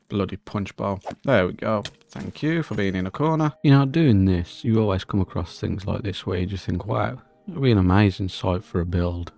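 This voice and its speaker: A man's voice: on the low side, normal speed, creaky, hardly any pauses, a little mellow, slight background noise. A man hosting a Minecraft let's-play, chatting casually and scolding the game's mobs in a mock-posh, indignant way. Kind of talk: casual gameplay commentary.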